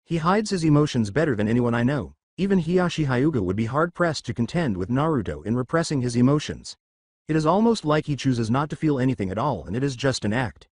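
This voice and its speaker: A man reading the lines of a laid-back adult male ninja teacher in a fan story, calm and measured. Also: mid-range voice, no room sound, clean studio sound, lightly acted.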